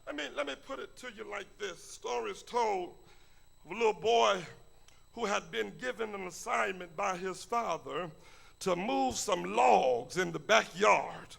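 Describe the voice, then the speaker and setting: A man's voice: high voice, animated, measured pace, gravelly, a bit bright. A male pastor preaching a sermon in a church, impassioned and given to repeating his words as he builds.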